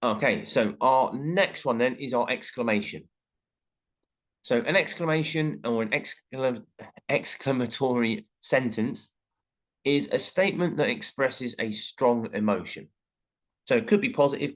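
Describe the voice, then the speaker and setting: Male teacher, mid-pitched voice, patient explanatory delivery, reads examples aloud. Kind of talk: recorded classroom lesson.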